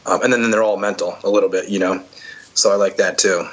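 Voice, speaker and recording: Here the obstacle racer speaks fast in a low voice with fairly even intonation, and the recording quality is low. As a podcast guest, he casually rambles through race anecdotes, restarting and filling pauses often.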